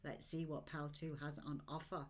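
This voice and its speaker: A woman's voice: sits low, little pitch movement, moderate pace. Upbeat woman in her sixties. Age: 60s. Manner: upbeat, encouraging, motivational. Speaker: oracle card reader. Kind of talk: live-stream chat, reading viewer comments.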